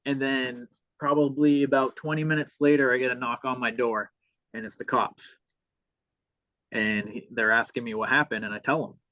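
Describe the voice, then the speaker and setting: A man's voice: mid-range voice, fairly bright tone, no room sound. A man hosting a podcast, telling a personal story in a casual, profane way and acting out what people said. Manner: profane, re-enacts dialogue. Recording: dull lo-fi sound.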